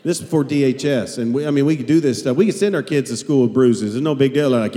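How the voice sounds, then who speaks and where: A middle-aged man preaching a sermon to a live congregation, joking and animated, rising at times to shouts. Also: mid-range voice, fast talker, few pauses. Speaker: pastor. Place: large church hall before a live audience. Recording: long hall reverb.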